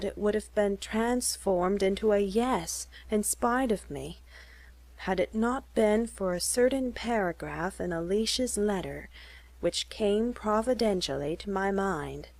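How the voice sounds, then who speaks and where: Slow clear woman narrating a story. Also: mid-range voice, darkish tone, no room sound. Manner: slow and clear, for English learners. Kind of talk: scripted first-person story narration.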